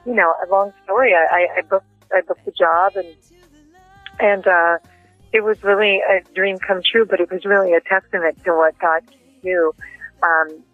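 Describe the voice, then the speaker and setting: A woman interview guest telling lively anecdotes and acting out what others said, heard down a tinny phone line. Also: fairly low pitch, normal speed, no room sound, soft background music. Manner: lively anecdotes with acted-out quotes. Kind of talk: casual interview storytelling.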